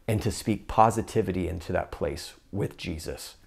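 A man's voice: deep voice, moderate pace, creaky, hardly any pauses. A young man giving an earnest faith talk, coaching viewers through an exercise and acting out inner voices. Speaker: Catholic speaker.

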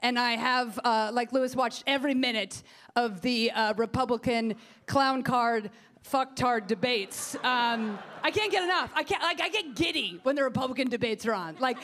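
A woman's voice: fairly high pitch, moderate pace, fairly bright tone. A woman comedian doing a stand-up set in a comedy club, ranting with sarcastic exasperation on a stage mic.

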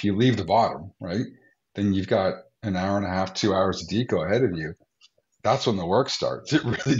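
Lower-voiced man, joking and quick to laugh, dull lo-fi sound. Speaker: guest diver. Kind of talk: casual round-table chat. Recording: dull lo-fi audio.

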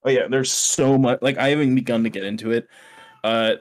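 A man's voice: medium pitch, fairly even intonation, brisk. Rambling young man chatting while gaming. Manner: rambling, laughs often, breaks off to yell at the game. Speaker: podcast co-host. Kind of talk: casual chat while gaming.

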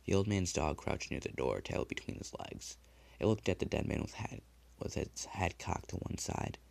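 A man narrating a dark horror story in a measured, hushed delivery. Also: low voice, expressive, vocal fry. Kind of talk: dramatic horror story reading.

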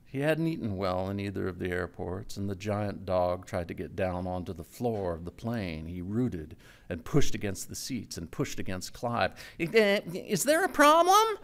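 A man giving a live literary reading of a story, in a measured storytelling manner that drops low and quiet for tense moments. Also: gravelly. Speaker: writer reading his own story. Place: stage before a live audience.

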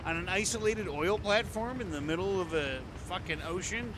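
A man's voice: high voice, normal speed, background noise. A man giving casual, sweary, joking commentary while streaming a game. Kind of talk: casual let's play commentary.

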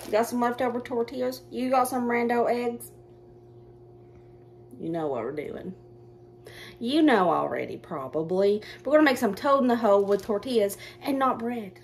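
A woman with a Southern American accent chatting casually through a cooking demonstration in her home kitchen. She is self-deprecating and quick to laugh. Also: a little high, gravelly. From Southern United States. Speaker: cooking vlogger.

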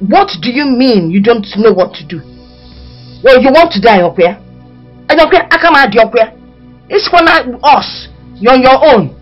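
Mad nigerian mum yelling at her daughter, high lively voice, bit muffled. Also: moderate pace, pauses often, slightly rough, soft background music, full character voice. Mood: scolding. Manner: shrill, scolding, rising to shouts. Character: scolding middle-aged mother.

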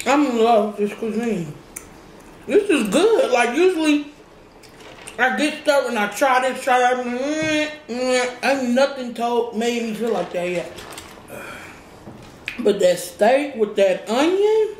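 A woman's voice: fairly high pitch, animated, measured pace, pauses often. Playful woman eating on camera. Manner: playful, laughs often. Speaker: mukbang host. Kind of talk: casual eating chat. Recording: roomy with faint noise.

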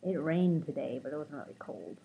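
A woman's voice: low-pitched, sing-song, fairly quick, creaky. A woman of twenty-two from Los Angeles, chatting casually to camera as she reads out prompts and adds dry, self-mocking asides. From Los Angeles, California. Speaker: vlogger. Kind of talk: casual accent-tag vlog, reading prompts aloud. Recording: tinny phone-like lo-fi sound.

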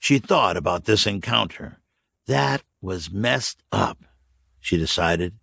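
A man narrating an audiobook story in a steady, even storytelling manner. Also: sits low, takes it slowly, gravelly, no echo.

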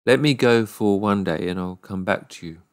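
A man's voice: fairly low pitch, normal speed, clear, resonant tone, lightly acted. A man voicing a dutiful, homesick young fisherman in a storybook reading, speaking earnestly and politely.

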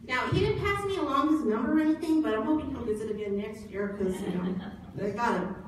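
A woman's voice: fairly high pitch, lively intonation, fast. A woman giving a conference presentation in a conversational tone with self-deprecating humor. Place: large conference hall. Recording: echoey hall, distant mic, faint noise.

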